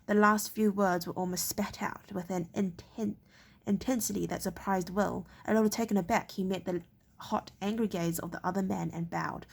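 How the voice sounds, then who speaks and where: A woman reading a novel aloud, halting and often stumbling and restarting words. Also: lowish voice, steady tone, vocal fry. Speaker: reader.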